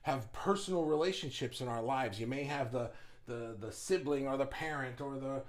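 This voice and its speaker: Speaking at normal speed in a mid-range voice, a middle-aged man who owns a business offers blunt, casual motivational advice. He swears freely and frequently stumbles and restarts his sentences.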